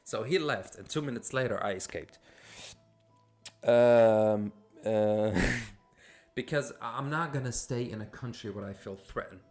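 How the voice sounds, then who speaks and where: A man's voice: medium pitch, a bit bright. A man from Syria, hosting a podcast and telling a personal story casually, with many fillers and restarts. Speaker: podcast host.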